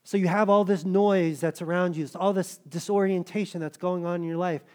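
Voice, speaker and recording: Man, middle-aged, pastor, conversational sermon, slightly high voice. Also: steady tone, brisk, darkish tone. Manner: conversational preaching, jokes with the congregation.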